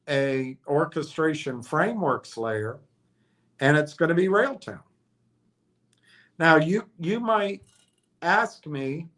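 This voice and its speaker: A man's voice: a little high, a bit bright. A man hosting a stock stream, speculating in a rambling, hesitant way with frequent restarts and fillers. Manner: rambling, hesitant, thinking aloud with many restarts. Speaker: stock commentator. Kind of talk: casual speculative monologue.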